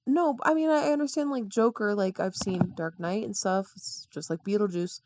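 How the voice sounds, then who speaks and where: A woman's voice: mid-range voice, brisk, background noise. A woman from the American South co-hosting a podcast, chatting casually about a film and hedging with lots of "like". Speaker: podcast co-host.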